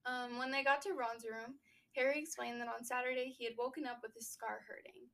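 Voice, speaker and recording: A young woman co-hosting a casual book podcast, recapping a chapter and riffing with quick asides. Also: a little high, level tone, gravelly, a bit bright, distant mic, poor audio. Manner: chatty, recaps then riffs with quick asides. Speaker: book discussion podcast host.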